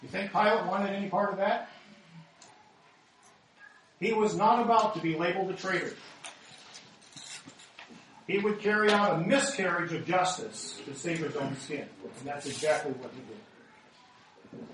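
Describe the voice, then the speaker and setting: A man's voice: sits high, a little slow, long pauses, fairly bright tone, a little hiss or hum. A male American pastor delivering a sermon, reading scripture dramatically and asking rhetorical questions. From United States. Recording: very echoey hall, speaker far from mic.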